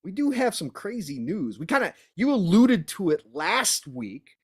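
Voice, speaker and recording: A man's voice: sits high, big pitch swings, normal speed, husky. A man hosting a live podcast, upbeat, greeting viewers and laughing easily. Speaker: podcast host. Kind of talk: live-stream podcast chat.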